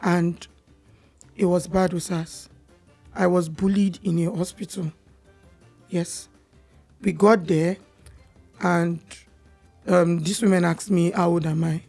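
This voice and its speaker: Nigerian girl, young, talks kinda gravelly, animated storytelling, faint music behind. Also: on the low side, takes it slowly, pauses often. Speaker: podcast guest. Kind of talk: personal storytelling in conversation.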